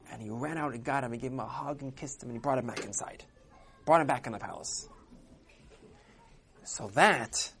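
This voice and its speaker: Woman, religious teacher, parable storytelling, halting, repeats words, low voice. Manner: halting, repeats words, rising enthusiasm in explanations.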